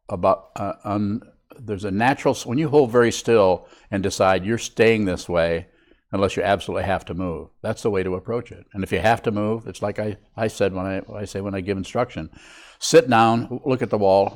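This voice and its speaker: An older man, a Buddhist teacher, giving a reflective, unhurried dharma talk to a meditation group. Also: fairly low pitch, a little mellow.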